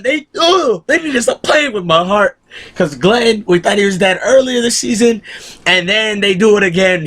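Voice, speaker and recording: A man giving a casual, excitable spoken review, rambling through scenes as he retells them. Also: high voice. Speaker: show reviewer.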